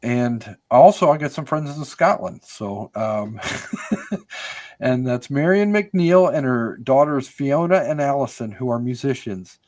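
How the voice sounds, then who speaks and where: A man's voice: mid-range voice, animated, a little slow, a little mellow. Rambling older man, casual guest. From United States. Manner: rambling, many fillers and restarts. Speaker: podcast guest. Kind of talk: casual conversational storytelling.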